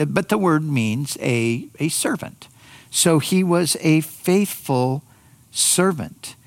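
A man preaching a sermon as a pastor, unhurried and often repeating words as he restarts. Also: medium pitch, gravelly.

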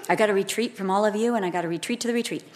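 A woman preaching a sermon, telling stories with animated, loud cries. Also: mid-range voice, rapid-fire.

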